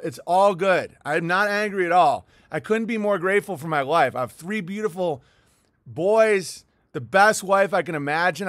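A man's voice: high-pitched, a bit bright, dry recording, clean studio sound. A middle-aged man hosting a livestream, talking in a heated, profane, rambling monologue with frequent restarts. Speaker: livestream host. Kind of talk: rambling livestream monologue reading viewer chats.

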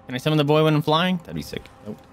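A man streaming a game live, commentating excitably, swearing freely and taunting the enemies on screen. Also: a little high, very fast, a little hiss or hum.

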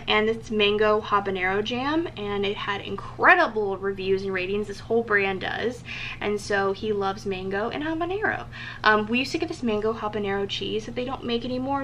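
A young woman vlogger with a bright, forceful, mid-range voice chats casually about gifts she picked out. She's eagerly enthusiastic and says "um" and "like" a lot, with slight background noise.

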